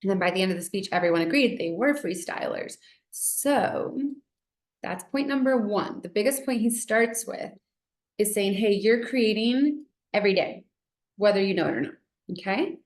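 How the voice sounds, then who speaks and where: A woman's voice: mid-range voice, expressive, normal speed, roomy sound. A young woman hosting a casual book discussion, chatty and full of "like," reading passages aloud now and then. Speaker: book club host.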